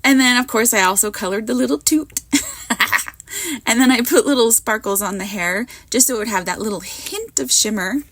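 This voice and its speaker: A woman with a hoarse voice from a cold, doing a casual voiceover of her card making, bubbly and giggly and poking fun at herself. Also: fairly high pitch, fairly quick, few pauses, fairly bright tone, no room sound. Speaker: card maker.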